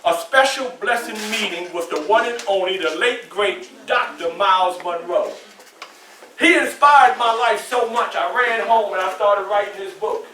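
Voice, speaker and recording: This sixty-something motivational speaker, Southern US accent and all, works a school hall of students with preacherly call-and-response and folksy asides. He speaks at normal speed in a high, bright, forceful voice, recorded distantly in an echoey room with slight background noise.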